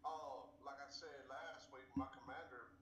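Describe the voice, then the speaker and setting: A man's voice: medium pitch, fairly even intonation, measured pace, a bit bright. Laid-back American man on an echoey call. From United States. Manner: laid-back, plain-spoken, short replies. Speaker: volunteer soldier guest. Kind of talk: casual call-in chat. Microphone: remote voice call. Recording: echoey remote call with faint noise.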